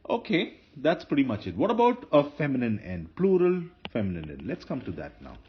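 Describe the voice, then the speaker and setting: A man's voice: mid-range voice, huge pitch swings, fairly quick. A man teaching a grammar lesson, explaining step by step with fillers and self-corrections. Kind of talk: lecture. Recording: dull lo-fi lecture recording with faint noise.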